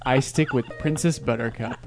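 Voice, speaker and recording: A man's voice: medium pitch, normal speed, loud music behind the voice. A man co-hosting a podcast, agreeing with the others and adding laughing asides. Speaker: podcast co-host. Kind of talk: casual podcast banter.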